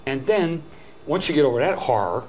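A man's voice: on the high side, sing-song, moderate pace, a little mellow, slight background noise, rough recording. A middle-aged man teaching a phone skills workshop, talking in a chatty, rambling way and acting out little quotes.

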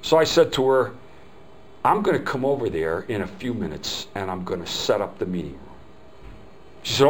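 An older man teaches a customer service seminar in a folksy, storytelling way. His voice sits fairly low, and he acts out the people he quotes. A faint hum of room noise runs under the recording. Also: big pitch swings, moderate pace, long pauses, low-quality recording. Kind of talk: live seminar talk. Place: hotel meeting room.

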